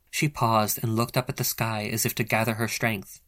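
A man's voice: lowish voice, little pitch movement, normal speed, fairly bright tone. A man narrating an audiobook in a playful, theatrical storytelling manner. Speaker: audiobook reader.

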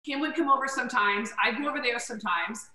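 A middle-aged woman comedian, a guest, telling animated stories in a casual chat in a home kitchen, acting out the voices of people she quotes. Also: on the high side, fast, distant mic. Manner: animated storyteller who acts out quoted voices. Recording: roomy, from off the mic.

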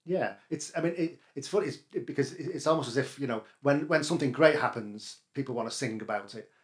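A man interviewing a longtime columnist in a casual chat, asking quick friendly questions with fillers. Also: mid-range voice. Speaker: newspaper editor interviewing a columnist.

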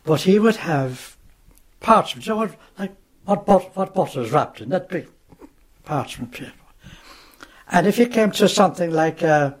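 A man's voice: fairly high pitch, expressive, moderate pace, long pauses. A man recalling old times in an interview, explaining things with digressive asides. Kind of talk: reminiscing interview.

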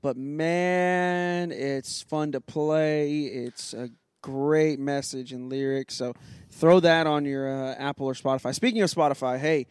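Speaking from a sound booth inside a church sanctuary, this man plays music for the church and chats casually on a podcast, upbeat and jumping between subjects. His fairly high voice is smooth and fairly even, at a measured pace with few pauses, and there's no echo.

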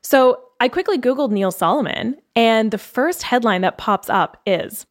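A young woman co-hosting a chatty podcast. She talks quickly and with a lot of life in her voice, and she often breaks off to read quotes aloud before reacting to them. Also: fairly high pitch. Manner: animated, fast-talking, reads quotes aloud. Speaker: podcast co-host. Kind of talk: casual podcast chat.

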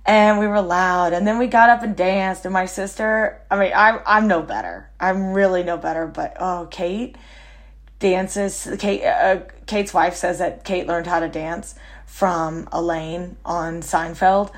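Chatty woman telling stories. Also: on the low side. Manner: chatty, self-mocking, quick asides. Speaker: podcast host. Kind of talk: casual storytelling monologue.

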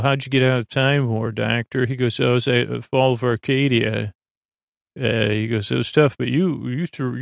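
A man with a gravelly, flat delivery that barely rises or falls. He rambles through a relaxed recap, filling every pause with "uh" and "he goes". The sound is dry and close, with no room around it. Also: medium pitch, no echo. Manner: rambling, filler-heavy retelling with many "he goes". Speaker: podcast host. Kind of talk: casual episode recap for sleep.

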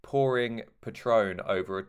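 A relaxed man with a Sussex accent, co-hosting a podcast in easy, casual chat. His voice sits low, and he laughs often between loose, filler-heavy sentences. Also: measured pace, clean tone. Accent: Sussex English. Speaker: podcast co-host. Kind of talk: casual chat reviewing a TV episode.

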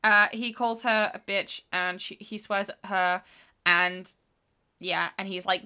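A woman's voice: medium pitch, fairly even intonation, slow pace, sharp tone, clear, resonant tone. A woman chatting casually about a film, acting out scenes in quoted voices. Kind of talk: casual chat reviewing a film.

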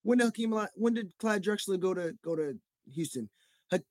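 Heated rambling podcast host, fairly high voice. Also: male voice, moderate pace, dry recording. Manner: rambling, heated, repeats himself with lots of "like" and "bro". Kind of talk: solo sports talk rant.

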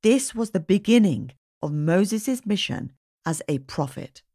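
A woman reads stories from a religious book, taking her time with a lowish, breathy voice. Her pitch rises and falls a great deal as she tells the tale, and the recording is dry and close with no room sound. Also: no room sound. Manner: slow, expressive, storytelling reading. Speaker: audiobook reader. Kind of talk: religious storybook reading.

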